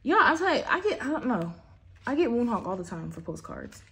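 A woman's voice: fairly high pitch, very animated, fairly quick, vocal fry, pushed and bright. A young woman chatting casually while unboxing, often trailing off mid-sentence. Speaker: album unboxing vlogger.

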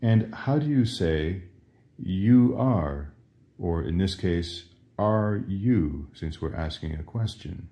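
A man with a very low voice leads a Latin lesson at a slow, unhurried pace. He asks a question and then gives the answer, patiently, again and again. His tone is dark and mellow throughout. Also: expressive. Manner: patient, repeats each phrase as a question and answer. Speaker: Latin teacher. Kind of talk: slow drill-style language lesson.

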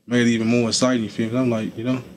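A man's voice: medium pitch, flat delivery, rapid-fire, crowd noise. A young adult man, a guest in an interview, talking loosely with lots of fillers. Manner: laid-back, loose, with many fillers like "you feel me". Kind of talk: casual street interview talk.

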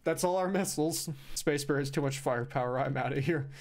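A gaming YouTuber with a medium-pitched voice provides fairly quick let's play commentary, joking, swearing casually, and reacting with playful disbelief.

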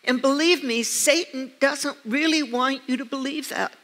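At a moderate pace, an older female pastor from the United States preaches in a high-pitched, slightly bright voice. Her sermon is made of personal stories repeated earnestly and emphatically, recorded in a church sanctuary with long reverb.

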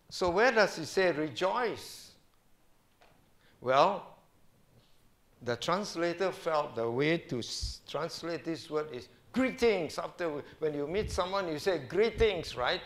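A middle-aged man, a senior pastor preaching a sermon and reading scripture aloud with slow emphasis. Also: a little high, lively intonation, fairly bright tone.

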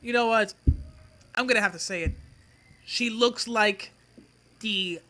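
A man ranting in a mocking response video, sneering and insulting with drawn-out pauses. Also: high-pitched, bright, forceful tone. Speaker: YouTube commentator.

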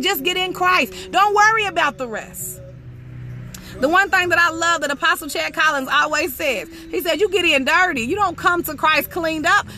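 High-voiced woman preaching hard, shouting praises, music playing under her. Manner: fervent, exclaiming and repeating praise phrases; rhythmic repetition, rising to shouts. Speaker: prophetess preaching. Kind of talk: sermon.

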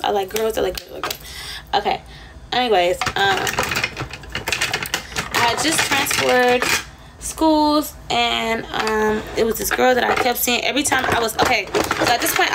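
A woman's voice: fairly high pitch, creaky, heavy background noise. A young woman chatting casually on a livestream, telling a rambling, slangy, profane story to her viewers.

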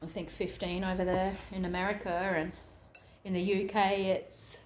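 A woman's voice: lowish voice, level tone, normal speed, slight background noise. A woman with an Australian accent chatting casually while making food at home, thinking aloud with self-deprecating asides. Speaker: vlogger. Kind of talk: casual cooking vlog chat. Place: home kitchen. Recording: echoey kitchen with dish clatter.

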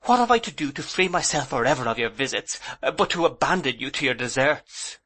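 A man's voice: fairly high pitch, lively intonation, moderate pace, sharp tone, pitched above the performer's own voice. A man reading an audiobook, voicing a proud older aunt who is indignant and emotional. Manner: emotional, reproachful, then composed and rueful. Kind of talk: audiobook character voice.

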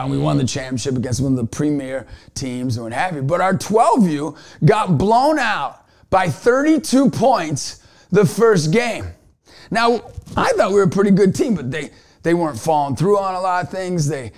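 A man with a high, bright-pitched voice delivers a motivational talk straight to camera. He tells his stories with big energy and often bursts into shouts, like a youth basketball coach firing up his team. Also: gravelly.

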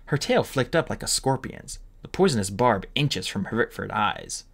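Animated male storybook narrator. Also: fairly low pitch, moderate pace, gravelly, few pauses. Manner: expressive, animated reading. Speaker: audiobook reader.

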